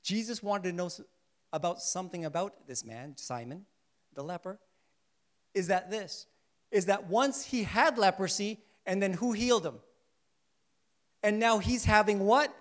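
This sermon features a male preacher with a high pitch who keeps asking the congregation rhetorical questions, then answering them. Key points come out slow and soft, between bursts of greater volume.

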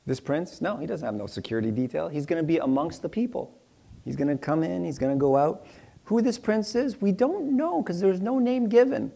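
A man's voice: on the high side, lively intonation, brisk, vocal fry, mellow. Brief: middle-aged male pastor, casual sermon teaching, jokey, plays out small exchanges in character. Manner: chatty and joking, acts out little dialogues in voices. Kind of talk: conversational Bible teaching sermon.

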